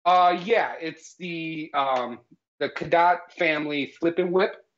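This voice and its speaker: A man's voice: on the high side, takes it slowly. Guy cohosting a silly cooking stream, talks like a know-it-all teacher, kinda muffled lo-fi sound. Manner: mock-authoritative, keeps tagging lines with "all right?". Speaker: cooking show co-host. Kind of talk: jokey live cooking stream chat. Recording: slightly dull lo-fi stream audio.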